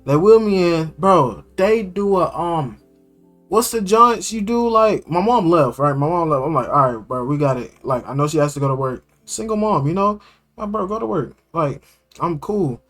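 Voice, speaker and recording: A young man telling a story in an animated, slangy way, tossing in "bro" a lot. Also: fairly high pitch, normal speed, soft background music. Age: young adult. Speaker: streamer.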